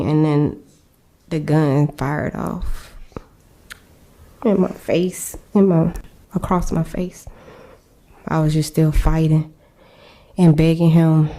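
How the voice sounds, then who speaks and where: A woman recounting a personal ordeal in an interview, halting and searching for words. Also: low voice, steady tone, mellow. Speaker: survivor interviewed.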